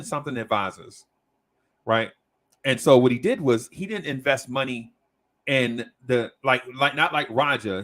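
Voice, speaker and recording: A man hosting a casual podcast, telling a story in a slangy, animated way and checking in with "right?" as he goes. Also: medium pitch. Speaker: podcast host.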